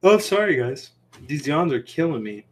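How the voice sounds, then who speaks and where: A man's voice: on the high side, sing-song, moderate pace. A man hosting a casual livestream from a home room lined with fish tanks, telling stories in a rambling way full of "like" and "um". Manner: chatty, tells anecdotes. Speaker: livestream host and aquarium shrimp seller.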